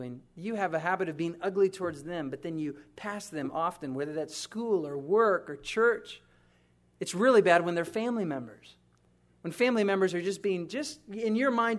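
A pastor preaching a conversational sermon, moving between hushed, intimate passages and emphatic, rising ones. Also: male voice, high voice.

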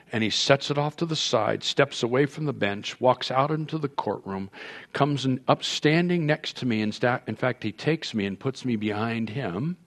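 A man preaching a sermon as a pastor, telling a story and explaining scripture in an animated way. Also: fairly low pitch. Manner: storytelling, animated with quoted voices.

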